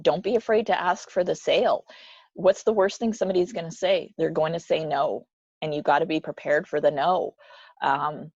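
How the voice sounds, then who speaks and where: Frank low-voiced middle-aged woman. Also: creaky, a little mellow, no room sound, highs cut off. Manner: frank, laughs easily, quick short answers. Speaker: interview guest, business leader. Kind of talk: casual interview chat.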